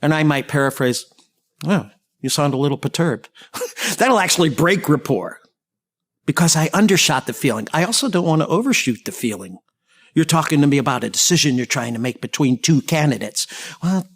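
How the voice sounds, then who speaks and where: A man giving a training talk on listening, anecdotal and humorous with lively asides. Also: fairly high pitch. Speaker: communication trainer.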